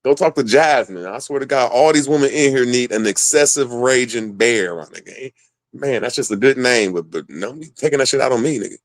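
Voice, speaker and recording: A man's voice: mid-range voice, lively intonation, a little fast, dry recording. A man in casual chat, talking loosely with lots of swearing and frequent laughter. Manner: loose, joking, heavy swearing; laughs often between lines.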